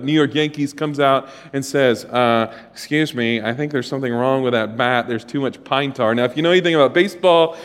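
Male pastor, 40s, upbeat sermon with jokes and stories, slightly high voice, long church reverb. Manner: joking, storytelling, talks to congregation. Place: church sanctuary.

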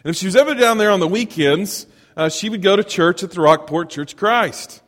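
A man preaching a storytelling sermon, animated and chuckling, often asking his congregation questions. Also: high voice, fairly quick. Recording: long reverb of a large hall.

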